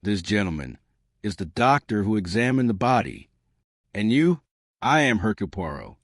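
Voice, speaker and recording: A man voicing a fastidious middle-aged detective who questions in a dry, formal way. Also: fairly low pitch, sing-song, dry recording.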